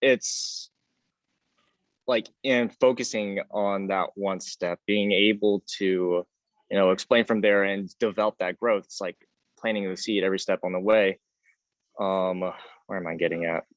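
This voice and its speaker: A young man in his late teens, a high school student band leader, speaking hesitantly on an online panel, losing his train of thought and getting emotional. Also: steady tone, unhurried, no room sound. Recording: dull, dry lo-fi audio.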